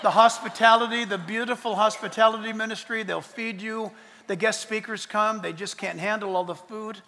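A man preaching a sermon as a pastor, animated, swinging from loud bursts to hushed asides and dropping in jokes. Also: high-pitched, moderate pace, long reverb tail, a little hiss or hum.

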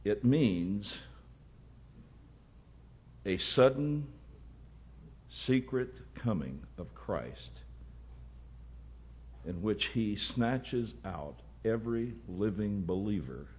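A man preaching a sermon, emphatic and rising to loud bursts. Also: fairly low pitch, sing-song, very slow, pauses often, a little hiss or hum.

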